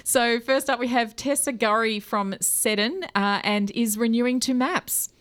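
A woman's voice: on the high side, measured pace, fairly bright tone. A woman with an Australian accent hosting a community radio show in a friendly way, laughing easily and using fillers. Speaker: radio host.

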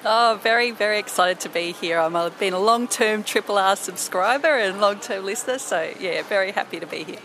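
A woman's voice: medium pitch, a little fast, hardly any pauses, fairly bright tone, slight background noise, low-quality recording. A woman, a climate scientist, answering interview questions in a friendly, plain way.

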